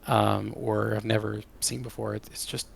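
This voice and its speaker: A man with a lowish, rough and gravelly voice answers interview questions about his work. He talks with eager, animated enthusiasm. The tone stays casual and conversational. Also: moderate pace. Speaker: game creative director.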